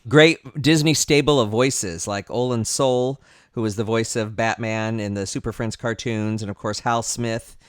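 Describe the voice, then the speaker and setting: Male co-host, smooth clear voice, dry close sound, eager and reminiscing. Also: mid-range voice, steady tone, unhurried, no room sound. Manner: enthusiastic, reminiscing. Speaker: podcast co-host. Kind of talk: casual chat about holiday films.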